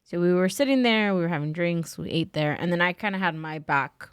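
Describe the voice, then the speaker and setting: Woman podcast guest, chatty storyteller, dry close sound, quotes people with lively voices. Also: on the low side, fairly quick, clear, resonant tone, no room sound. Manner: says "like" and "right?" a lot. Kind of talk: casual chat.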